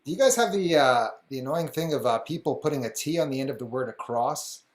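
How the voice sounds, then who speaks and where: A woman musing in a relaxed way in a casual group chat. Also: very deep voice, fairly quick.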